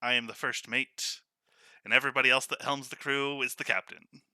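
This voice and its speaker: A gruff, smug ship's first mate who teases with sly questions, as a game master puts him on. The voice is bright and clean. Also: male voice, medium pitch, fairly even intonation, fairly quick, dry recording, studio quality, pitched above the performer's own voice.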